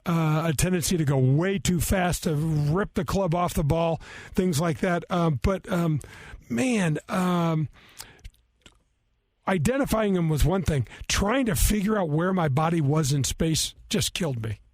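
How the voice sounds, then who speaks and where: A man in his sixties with a slightly raised pitch, talking into a dry, close studio mic. He rambles and mocks himself as he tells golf stories on a radio show. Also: unhurried, a little mellow, no echo. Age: 60s. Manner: rambling, self-mocking storyteller. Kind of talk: casual radio chat.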